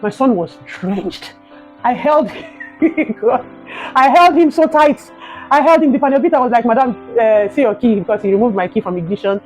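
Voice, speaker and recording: A young adult woman with a Nigerian accent, telling a personal story in a vlog, animated and emotional, ending in prayerful encouragement. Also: a little high, normal speed, faint music behind, rough recording. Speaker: vlogger.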